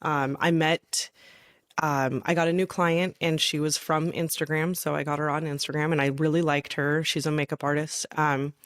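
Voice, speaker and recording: A woman's voice: low-pitched, level tone, normal speed, dry recording, clean studio sound. A woman in her thirties co-hosting a casual podcast, talking in an eager, emphatic way. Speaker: podcast co-host. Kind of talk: casual chat.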